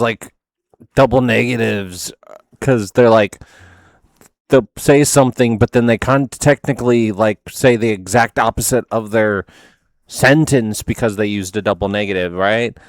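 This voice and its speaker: A man's voice: medium pitch, measured pace, no room sound, studio quality. A man hosting a reaction video, talking casually in a rambling, sarcastic way with lots of "like".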